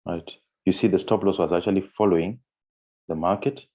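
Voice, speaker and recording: A man's voice: low voice, fairly even intonation, a little fast, warm tone, muffled recording. A man giving a screen-share trading tutorial, walking through on-screen steps with frequent fillers and restarts. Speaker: trading instructor.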